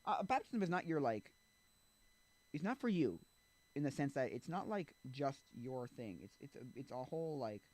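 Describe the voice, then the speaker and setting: A man's voice: medium pitch, moderate pace. A man streaming, talking casually about faith in a rambling way, often stopping and restarting his sentences and acting out quotes with sudden lift. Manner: rambling, self-interrupting, many fillers; animated when acting out quotes.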